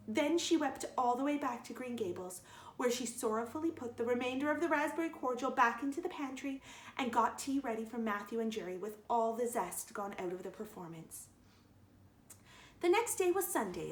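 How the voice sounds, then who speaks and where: Woman reading a storybook aloud, high lively voice, echoey room. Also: slight background noise. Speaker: library storytime reader. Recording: roomy echo.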